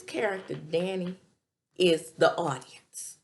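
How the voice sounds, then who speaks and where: A woman casually recapping a TV episode, chatty, with quick asides between scenes. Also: low voice, vocal fry, a little mellow. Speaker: TV episode reviewer.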